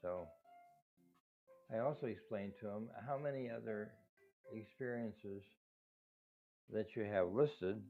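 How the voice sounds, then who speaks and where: An older man in his own home talks on at length, with restarts and little laughs, and his low voice whistles on the s sounds. The sound is thin and phone-like, and faint music plays behind him. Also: slow pace, pauses often. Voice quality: whistling sibilants without his dentures. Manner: rambling, with restarts and soft laughs. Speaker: cat rescue owner. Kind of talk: casual talk to camera.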